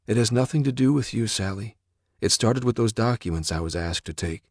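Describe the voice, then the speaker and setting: A male narrator plays an anxious middle-aged father in an audiobook, pleading and defensive. His voice sits low but moves a lot. The read is dry and close. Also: lively intonation, a little fast, no echo.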